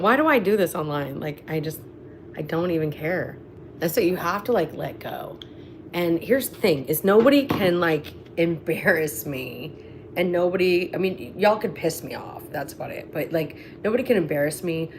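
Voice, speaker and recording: A woman's voice: fairly low pitch, slight background noise. A woman, chatting on a live stream in a rambling, self-mocking way with laughing asides. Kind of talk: rambling casual chat between sung snippets. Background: ukulele strumming.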